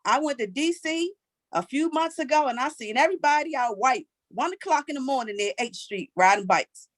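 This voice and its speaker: In a dry recording, a high-pitched woman in her forties with a Washington, D.C. accent does stand-up at a fairly quick pace. Her delivery is sassy and animated, with "okay?" tagged onto her lines.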